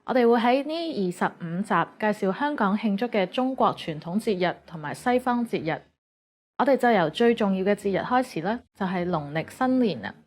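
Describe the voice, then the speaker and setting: A woman narrating a scripted lesson in an even, measured way. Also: medium pitch.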